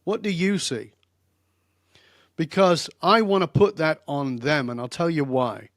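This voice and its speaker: A man's voice: a little high, measured pace, no room sound, studio quality. Direct, emphatic older man. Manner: direct, emphatic, animated storyteller. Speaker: guest expert. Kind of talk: storytelling in a podcast interview.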